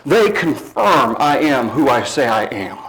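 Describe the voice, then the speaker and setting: A man preaching a sermon, emphatic, slowing down on key words and dropping low at the end of phrases. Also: sing-song, fairly bright tone, low-quality recording.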